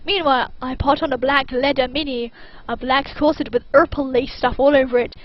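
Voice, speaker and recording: A woman reads fan fiction aloud in a deadpan, mock-serious way. Her voice is high. The recording is muffled and lo-fi. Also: brisk. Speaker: reader. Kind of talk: dramatic reading of fan fiction.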